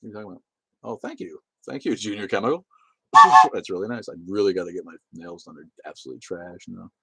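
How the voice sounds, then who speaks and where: A man's voice: low-pitched, lively intonation, fast, vocal fry, sharp tone, husky, no room sound. A man hosting a livestream, rambling and swearing as he reads chat comments and laughs along. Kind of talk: casual profane livestream chat.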